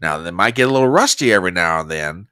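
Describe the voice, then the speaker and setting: Lively, bright-voiced American host. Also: male voice, deep voice, fast, clean tone, no echo, studio quality. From United States. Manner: effusive, reads chat comments aloud. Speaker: livestream host. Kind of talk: casual livestream talk.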